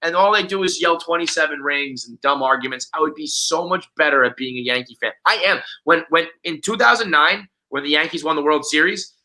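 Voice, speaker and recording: A man, co-hosting a casual podcast chat in a brash, profane, animated way. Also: fairly high pitch, brisk, few pauses, poor audio. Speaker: podcast co-host.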